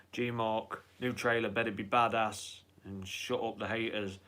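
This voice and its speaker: A low-voiced man rambles casually through a live stream, greeting viewers and chatting. His tone has a bright, forward edge. He swears freely and in an easygoing way. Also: level tone, measured pace.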